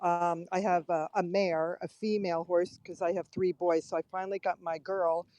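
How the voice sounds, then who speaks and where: A woman's voice: fairly low pitch, flat delivery, moderate pace, warm tone, no room sound, poor audio. A woman guest on a podcast, chatty and laughing, talking from inside a pet store. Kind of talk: casual podcast chat. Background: faint background noise.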